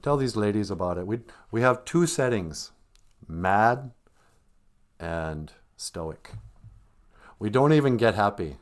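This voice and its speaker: Male livestream host; teasing, ironic humor, expressive delivery, lowish voice. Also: slow, long pauses. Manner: teasing, ironic, chuckles often. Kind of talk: joking livestream chat.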